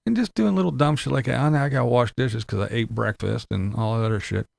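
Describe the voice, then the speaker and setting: A man's voice: mid-range voice, fast, creaky, no room sound. A man talking in a rambling, sarcastic, casual way, swearing a lot as he complains. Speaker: vlogger. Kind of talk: casual profane chat.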